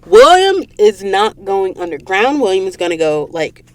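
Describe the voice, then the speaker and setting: A woman's voice: medium pitch, sing-song, normal speed. Woman doing a casual book recap podcast, gets really emotional, talks right to her listeners. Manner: emotional, dramatic storytelling, talks straight to listeners. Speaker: podcast host. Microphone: studio mic in a recording booth.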